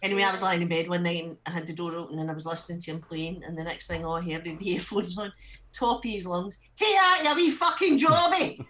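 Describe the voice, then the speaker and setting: A woman's voice: fairly low pitch, fairly even intonation, fast talker, background noise. A Scottish woman hosting a casual chat on a video call, blunt and sweary, laughing often. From Scotland. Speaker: host.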